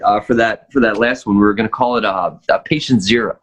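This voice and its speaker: A man with a fairly low voice talks casually as a podcast guest about drumming. He rambles, restarting sentences and filling pauses with ums and uhs. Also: fairly even intonation. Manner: rambling, many fillers and restarts. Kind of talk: casual chat.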